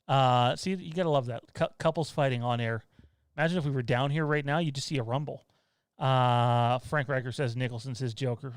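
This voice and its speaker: Smooth-voiced male livestream host. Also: mid-range voice, no echo. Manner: rambling and blunt, turning heated with swearing. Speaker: show host. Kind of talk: casual livestream chat. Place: at home.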